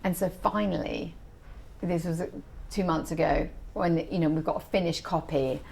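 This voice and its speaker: A middle-aged woman being interviewed as an author, telling stories in an animated, chatty way. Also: fairly low pitch, normal speed, creaky. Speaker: author guest. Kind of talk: casual interview chat.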